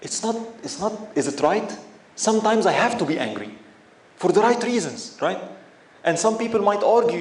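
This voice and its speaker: Storytelling preacher in an echoey room. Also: male voice, high-pitched, animated, normal speed, darkish tone. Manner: storytelling with rhetorical questions. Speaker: sheikh. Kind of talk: sermon. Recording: echoey room with faint ambience.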